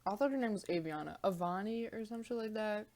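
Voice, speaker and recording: A woman's voice: medium pitch, fairly quick. A young woman chatting casually in a vlog at home, rambling and swearing while she eats. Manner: profane, rambling, animated banter; talks while eating. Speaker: vlogger. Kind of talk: casual mukbang vlog chat.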